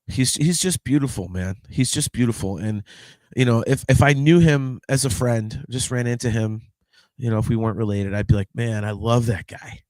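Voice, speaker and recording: A man in his fifties giving a heartfelt, halting birthday tribute, repeating words and swearing casually. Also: medium pitch, darkish tone, no room sound. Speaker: podcast host.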